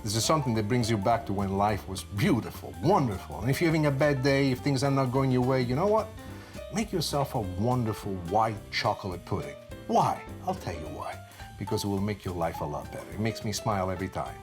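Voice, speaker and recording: An older man with an Italian accent talks through a recipe as a TV chef. His delivery is expressive and storytelling. Clear music plays beneath his voice throughout. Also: on the low side, fast. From Sicily, Italy. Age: 60s. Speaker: TV chef host. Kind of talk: cooking show demonstration.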